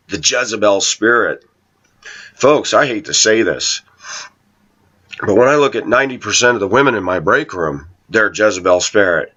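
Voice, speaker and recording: A man's voice: fairly low pitch, fairly bright tone, dull audio. A middle-aged man giving a casual preaching monologue, telling stories, asking rhetorical questions and laughing often. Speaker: online Christian commentator.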